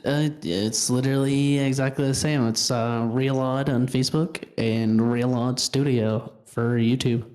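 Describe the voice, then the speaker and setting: A relaxed man chatting as a podcast guest. He tells stories in an easygoing way, chuckling between lines, at a middle pitch. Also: unhurried, hardly any pauses. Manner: laid-back storyteller, chuckles while talking. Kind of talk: casual chat.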